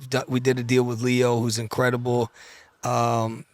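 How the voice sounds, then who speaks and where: A man's voice: medium pitch, monotone, normal speed, dry recording. Dry, close-miked man telling stories. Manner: loose, profane, re-enacts conversations. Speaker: podcast guest, luxury car dealer. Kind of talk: casual storytelling chat.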